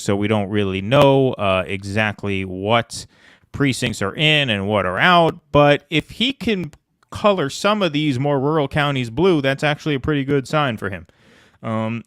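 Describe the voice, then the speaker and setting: A man hosting a live election-night show, analyzing results with brisk, joking banter. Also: mid-range voice, fairly bright tone, clear, resonant tone, dry recording, studio quality. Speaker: political show host.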